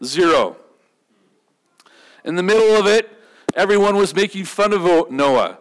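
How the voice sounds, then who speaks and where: High-voiced pastor preaching conversationally. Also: male voice, lively intonation, measured pace, rough recording. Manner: conversational, humorous, rhetorical questions. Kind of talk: sermon.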